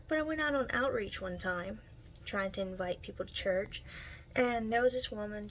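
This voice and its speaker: A young woman telling a story in a casual vlog, animated and exasperated, her pitch jumping as she talks. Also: gravelly, muffled recording. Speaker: vlogger.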